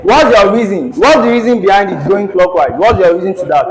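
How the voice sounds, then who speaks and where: A man's voice: high-pitched, brisk, a crowd in the background, poor audio. A man teaching a classroom engineering lecture at a board, who keeps repeating his questions so the students will answer.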